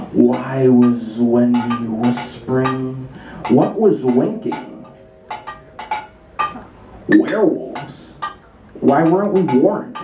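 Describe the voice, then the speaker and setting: A man's voice: fairly high pitch, background noise. A man giving a playful spoken-word performance, rattling off alliterative lines and telling a story on stage at a small café venue. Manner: quick playful alliterative recitation. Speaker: singer-songwriter performing live. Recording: roomy live recording from far off with guitar. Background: guitar playing.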